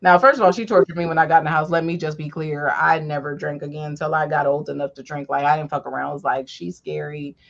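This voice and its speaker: Woman, casual storytelling chat, profane, animated, muffled audio. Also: low voice, quick pace, creaky, hardly any pauses. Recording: dull lo-fi audio.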